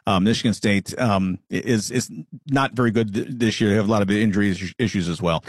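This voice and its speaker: A man's voice: on the low side, fairly quick, no echo, studio quality. Man hosting a sports radio picks segment. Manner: hesitant, many fillers, upbeat. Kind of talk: hosting casual sports chat. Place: radio studio.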